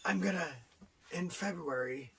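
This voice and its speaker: A brash man trash-talking on a wrestling talk show, with a high-pitched voice. He is sarcastic and mocks his co-host's answers. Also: unhurried, fairly bright tone.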